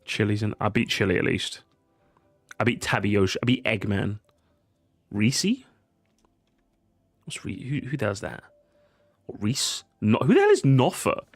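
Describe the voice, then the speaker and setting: A man's voice: on the low side, sing-song, measured pace, long pauses, dry recording, faint music behind. A man giving casual, jokey gameplay commentary, swearing and pleading with the game as he races. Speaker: gaming YouTuber.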